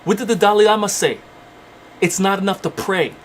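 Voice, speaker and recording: A man's voice: sits high, a little fast, a little hiss or hum. A man hosting his channel, delivering fiery, repetitive spiritual motivational preaching. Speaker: channel host.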